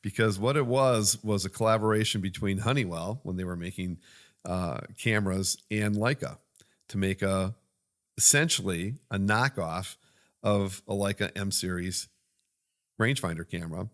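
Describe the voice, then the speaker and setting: A man's voice: on the low side, moderate pace, fairly bright tone. A man on a casual chat show as a guest, explaining things with hesitant fillers. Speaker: guest from a camera dealer.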